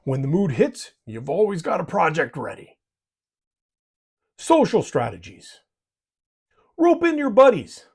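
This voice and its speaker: A man's voice: high voice, wildly swooping pitch, a little slow, long pauses, a little mellow, breathy edge. A man hosts a miniature painting channel, giving scripted hobby advice in a jokey, folksy way. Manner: jokey and folksy, tags lines with "eh".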